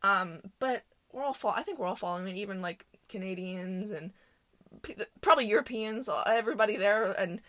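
A woman's voice: mid-range voice, brisk, a bit bright, no echo. A young woman hosting a podcast, telling stories in a chatty, rambling way, full of fillers and laughing often. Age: young adult. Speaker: podcast host. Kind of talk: casual solo storytelling.

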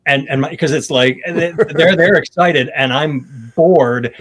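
A man's voice: medium pitch, a little fast, hardly any pauses. A man and stand-up comedian, talking in casual chat with stammering restarts and rambling asides.

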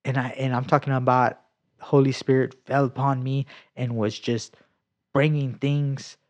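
A man at an ordinary pitch tells his faith story in an easygoing, conversational way, full of life, playing out his own past words and sometimes sinking to a whisper. The sound is a bit dull and lo-fi. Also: little pitch movement, normal speed. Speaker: guest sharing a faith testimony. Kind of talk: casual conversational testimony.

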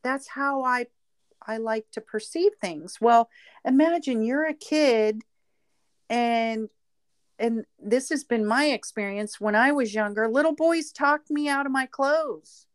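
Slow-talking frank woman, dry sound. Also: fairly high pitch, no room sound. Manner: frank, blunt and bawdy, acts out quoted voices. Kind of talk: casual chat.

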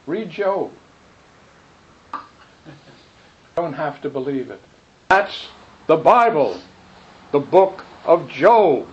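A man giving a rambling, animated spiritual talk, telling stories with quick asides. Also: a little high. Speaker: spiritual teacher. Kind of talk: dharma talk with questions. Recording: muffled lo-fi recording with faint noise.

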